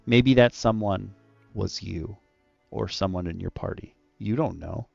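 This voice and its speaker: A man chatting casually about running tabletop adventures, animated and loose, with lots of "like" in his talk. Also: low-pitched, measured pace, creaky, breathy edge, dry recording, highs cut off, soft background music. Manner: animated and loose, heavy use of "like". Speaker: dungeon master discussing adventure design. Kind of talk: casual roundtable chat.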